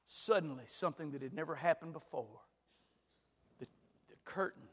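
A man preaching a sermon, dropping to hushed lines and then building to loud, shouted climaxes. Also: a little high, moderate pace, pauses often, slightly rough. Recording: long hall reverb.

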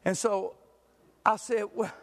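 A man's voice: high voice, slow, vocal fry, in a large hall. A man preaching a sermon in a church, telling stories and joking with the congregation. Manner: animated storytelling, jokes with the congregation.

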